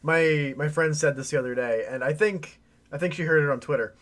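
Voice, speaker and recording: A man's voice: fairly high pitch, a little fast, fairly bright tone. A man co-hosting a podcast, chiming in with short, dry wisecracks during a casual chat. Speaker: podcast co-host.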